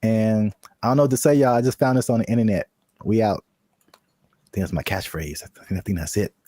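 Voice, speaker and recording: A man's voice: lowish voice, fairly quick, dark tone, dry recording. A man co-hosting a casual video reaction show, laid-back and laughing often, with loose slang. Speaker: co-host.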